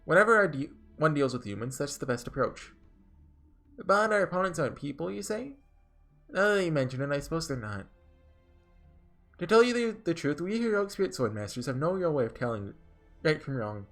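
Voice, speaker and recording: A man's voice: a little high, very animated, brisk, long pauses, fairly bright tone, faint music behind, pitched above the performer's own voice. A man reading aloud as a callous male oni rider from a game, breezy and mocking.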